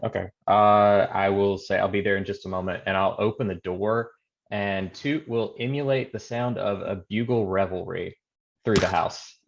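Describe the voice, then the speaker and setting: A man's voice: sits low, fairly even intonation, moderate pace, vocal fry. A man playing a tabletop game, speaking plainly and decisively. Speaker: player. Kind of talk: tabletop role-play. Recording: dull lo-fi mic.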